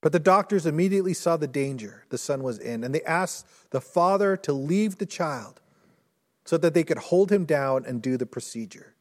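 A male pastor preaching a sermon in earnest, rising to intense storytelling and dropping low and soft. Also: animated, normal speed. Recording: long hall reverb.

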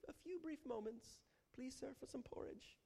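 A man's voice: very high voice, normal speed, vocal fry, warm tone, slightly rough, voice pushed up, heavily acted. A man putting on the voice of a timid beggar who pleads meekly and overly politely for porridge. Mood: meek pleading. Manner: meek, overly polite, simpering. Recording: long hall reverb.

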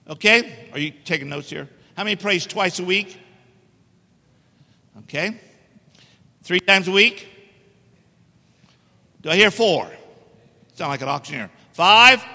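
Bright-voiced preacher in an echoey church. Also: male voice, high voice. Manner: emphatic, joking with the congregation. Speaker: guest preacher. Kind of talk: sermon. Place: church sanctuary. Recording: echoey church hall reverb.

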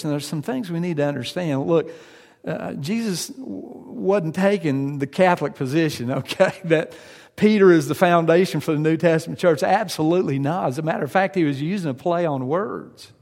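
A man's voice: fairly high pitch, normal speed, vocal fry, darkish tone, in a large hall. A male pastor preaching a sermon. He hesitates often with fillers, then builds to emphatic points.

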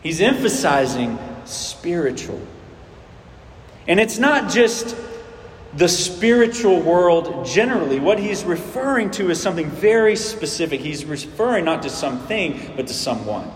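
A man's voice: fairly high pitch, big pitch swings, a little slow, reverberant, in a large hall, slight background noise. A man preaching a sermon as pastor, conversational, asking rhetorical questions and restarting phrases.

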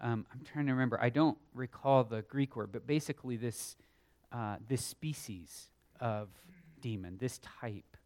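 Brief: unhurried male Sunday school teacher, earnest, emphatic, swings from loud to hushed. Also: mid-range voice. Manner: earnest, emphatic, swells loud then drops quiet; thinks aloud with small restarts. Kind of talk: Bible lesson teaching.

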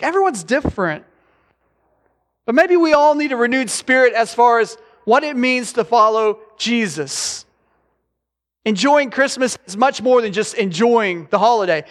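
A man's voice: very high-pitched, fairly bright tone, long reverb tail. A middle-aged man, preaching a conversational sermon with joking asides to his congregation. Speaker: pastor. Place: church sanctuary.

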